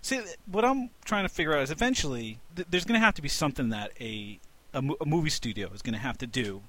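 A man hosting a casual podcast chat, animated and profane, who keeps asking the others what they think. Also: on the high side, fast.

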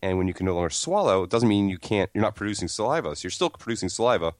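A man with a low voice and a lively, swinging pitch, recorded close and dry. He draws out a silly story, piling detail on detail for the laugh. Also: no room sound. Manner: rambling, drawn-out comic buildup. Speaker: podcast co-host. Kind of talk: casual comedic storytelling.

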